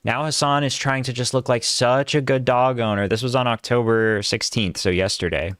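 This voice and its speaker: A man's voice: medium pitch, steady tone, moderate pace, fairly bright tone, clear, resonant tone, dry recording, clean studio sound. A man co-hosting casual reaction commentary, sarcastic and mocking, using "like" a lot. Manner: sarcastic, mocking, heavy use of "like". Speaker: co-host.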